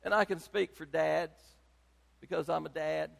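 An older man, preaching a sermon as pastor, emphatic and swinging between loud and soft. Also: on the high side, fairly even intonation, a little slow, gravelly, long reverb tail.

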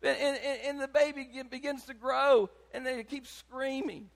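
An older man, preaching a sermon as pastor, emphatic and swinging between loud and soft. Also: very high-pitched, steady tone, moderate pace, vocal fry, big-room sound.

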